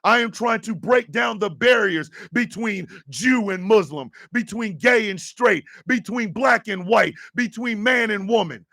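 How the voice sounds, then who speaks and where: Impassioned gravelly man ranting on radio. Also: no room sound, studio quality. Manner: swings from low, intense murmur to shouting, profane. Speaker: radio show host. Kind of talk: impassioned on-air rant.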